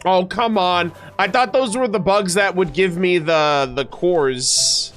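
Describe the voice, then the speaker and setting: Brief: male streamer, unhurried delivery, slightly high voice, jokey and excitable reactions over faint game music. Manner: excitable, jokey, talks to chat. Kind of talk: casual gameplay reaction commentary.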